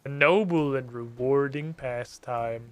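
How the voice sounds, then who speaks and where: A man voicing a dignified talking cat in a game, speaking slowly in a measured, stately way. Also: mid-range voice, natural voice. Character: slow, dignified garden cat.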